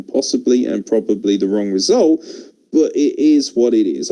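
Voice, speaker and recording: A man's voice: mid-range voice, mellow, poor audio. A man hosting a wrestling podcast, reading out listener messages in casual, laughing, swearing banter. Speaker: podcast host.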